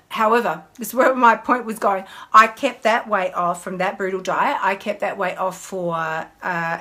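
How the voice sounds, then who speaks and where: A woman, a health coach chatting casually on a live stream in an animated way. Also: medium pitch, normal speed, few pauses. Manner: chatty, animated, mimics whiny inner voices.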